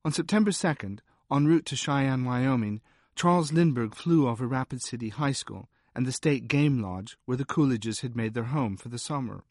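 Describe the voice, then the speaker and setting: A man reading a nonfiction history aloud as an audiobook narrator, measured and wry. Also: mid-range voice, dry recording. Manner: measured, dry storytelling with wry asides.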